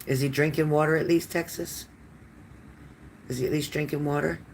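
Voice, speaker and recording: A psychic hosts a live stream, reading cards casually and replying to viewer comments, with lots of fillers and restarts. She's warm and chatty, using viewers' names and "honey." Her medium-pitched voice is fairly even at normal speed, with slight background noise.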